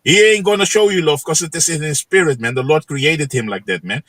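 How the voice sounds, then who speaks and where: A man's voice: on the high side, brisk, fairly bright tone, dry recording, poor audio. A man hosting a livestream, teaching from scripture in a loose, conversational way, tagging his sentences with "man" and "you know". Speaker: livestream host and preacher. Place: home setting in the Netherlands.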